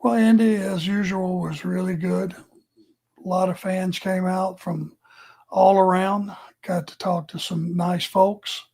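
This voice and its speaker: A man's voice: high voice, steady tone, takes it slowly, vocal fry, a little mellow. An older man with a Southern US accent, co-hosting a casual podcast, laid-back and plainspoken. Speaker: retired wrestler, co-host.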